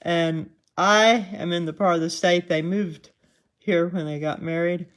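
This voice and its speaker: Southern lady w a twang doing a live commentary show, slow easygoing talker, chatty, laughs at herself a lot. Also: lowish voice, steady tone. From Southern United States. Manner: chatty, laughs often, self-deprecating. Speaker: host.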